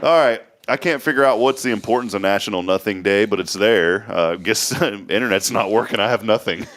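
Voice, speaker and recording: A man's voice: fairly low pitch, brisk, a bit bright, slight background noise. A man hosting a morning talk show, joking and rambling casually. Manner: goofy, rambling, laughs often.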